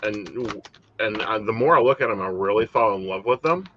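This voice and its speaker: A man who hosts a live-streamed show and gives psychic readings in a relaxed, matter-of-fact way. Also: on the low side, moderate pace, dry recording. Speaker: psychic reader, host. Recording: dull lo-fi stream audio.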